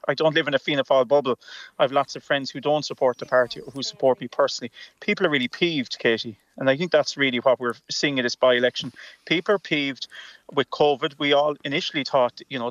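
An Irish man, a politician, answering questions in a radio panel interview over a remote call, earnest and quick, often repeating words at the start of sentences. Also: medium pitch, fairly bright tone, no room sound, highs cut off. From Ireland. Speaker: politician guest.

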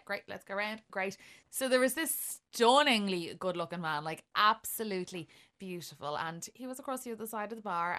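A young Irish woman co-hosting a podcast, telling a dating story in a casual, animated way and laughing often. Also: medium pitch. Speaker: podcast co-host.

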